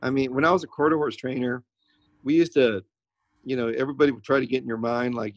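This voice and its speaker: A man's voice: medium pitch, steady tone, quick pace, no echo. A man who trains racehorses, a podcast guest telling stories in a rambling way with many restarts. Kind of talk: casual interview talk.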